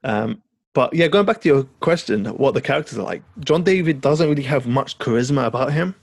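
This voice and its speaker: A man's voice: mid-range voice, lively intonation, a little fast, gravelly, dry recording. A man co-hosting a podcast, chatting eagerly and rambling, swearing now and then. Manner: enthusiastic, rambling, swears casually. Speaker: podcast co-host. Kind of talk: casual chat.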